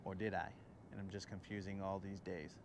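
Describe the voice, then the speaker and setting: A man's voice: deep voice, brisk, background noise. Easygoing man livestreaming from a fishing boat. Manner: relaxed, talks to viewers and to the fish, slangy. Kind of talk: casual live-stream chat while fishing. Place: outdoors on a boat on a lake. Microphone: phone camera on the boat.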